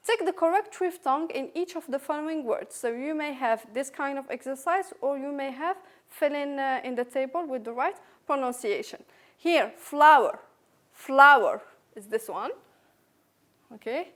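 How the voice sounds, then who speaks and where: A woman teacher with a French accent giving a recorded English revision lesson, slowly repeating each word and sentence for her learners. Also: high voice.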